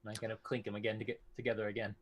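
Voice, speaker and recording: A man's voice: fairly low pitch, level tone, rapid-fire, husky. A man playing a tabletop game, describing his character's moves casually with hesitant fillers. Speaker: player. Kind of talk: tabletop role-play.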